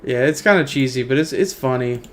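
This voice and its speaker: A man's voice: medium pitch, a little fast, slight background noise. A man streaming a game and telling a long joke in a loose, rambling way, with many restarts, at his computer. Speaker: streamer host. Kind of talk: casual joke-telling while gaming.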